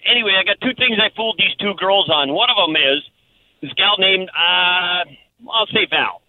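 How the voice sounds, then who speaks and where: A man's voice: high-pitched, moderate pace, no room sound. A man calling into a radio show, chatty and telling a prank story with chuckles. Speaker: caller. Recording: tinny phone line.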